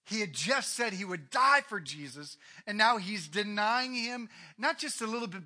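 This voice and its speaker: A man preaching a sermon, retelling a Bible story with swings from hushed to loud. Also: sits high, lively intonation, normal speed, few pauses. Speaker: pastor.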